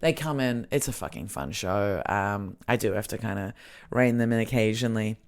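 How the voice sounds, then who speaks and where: A woman's voice: extremely low pitch, moderate pace. Rambling, swearing woman comedian. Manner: rambling and profane, many fillers and restarts. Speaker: comedian and podcast host. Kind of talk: casual storytelling chat.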